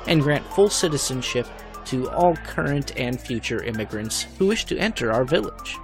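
A man's voice: medium pitch, lively intonation, normal speed, natural voice. An actor playing a smug, sanctimonious male cartoon mayor who makes pompous speeches. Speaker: town mayor. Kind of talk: animated cartoon acting. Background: music.

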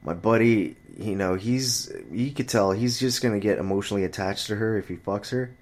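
Man telling a story, casual rant, lots of swearing, lowish voice, mimics people in a high voice. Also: moderate pace. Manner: profane, exasperated storytelling; jumps high to mimic chatty friends and women.

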